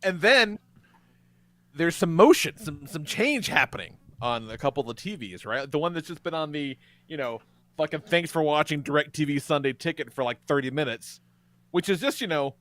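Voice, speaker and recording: A male podcast host telling a story in casual chat, animated, often laughing and swearing. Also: on the high side, normal speed.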